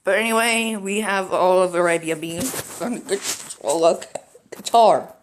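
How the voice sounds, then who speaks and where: A young male voice giving unhurried, drawn-out commentary over a map strategy game at home. He rambles from point to point and sprinkles "like" everywhere. The delivery is loose and casual rather than scripted. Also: high voice, slight background noise. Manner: rambling and easily sidetracked, full of "like". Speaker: gaming commentator.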